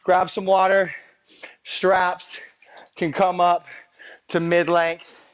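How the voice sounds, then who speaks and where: A winded male fitness coach leads a live workout in a slightly high voice. He counts reps, whoops to push people on, then slows into calm breathing and stretching cues. The audio is a bit dull. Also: smooth.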